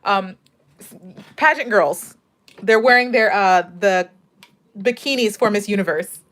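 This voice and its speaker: A woman's voice: medium pitch, a little slow, a bit bright. A young woman chatting casually on a livestream as a pageant commentator, bubbly and gushing.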